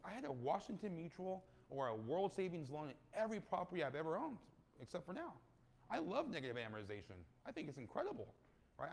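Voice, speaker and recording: A man talking casually in an interview as a real estate investor, animated and storytelling, acting out quoted people and ending many sentences with "right?". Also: a little high, vocal fry. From California.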